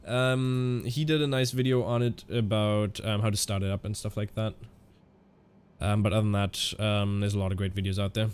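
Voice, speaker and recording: A man streaming a flight simulator, chatting casually in a halting way and answering viewers' questions as he flies. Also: lowish voice, steady tone, clear, resonant tone. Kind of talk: casual live-stream commentary.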